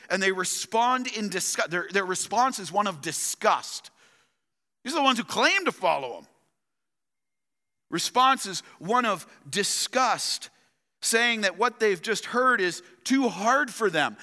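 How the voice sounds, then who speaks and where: A man's voice: sits high, lively intonation, moderate pace, pushed and bright. A man preaching a sermon as pastor, earnest and emphatic, repeating his key questions to the congregation. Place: church sanctuary. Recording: long echo of a large hall.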